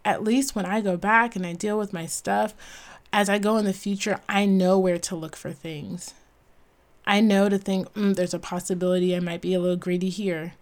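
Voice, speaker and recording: An earnest woman hosts her own podcast and talks through a motivational topic alone. Her voice sits at a middling pitch, and she leans hard on key points, with an occasional self-aware laugh. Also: steady tone, normal speed. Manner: earnest, emphatic, laughs at herself. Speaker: podcast host. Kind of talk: solo motivational talk.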